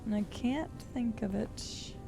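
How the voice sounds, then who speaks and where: A young woman streamer chatting casually while playing a game, thinking out loud and greeting her viewers. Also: a little high, slow, vocal fry, over music. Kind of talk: casual chat while gaming.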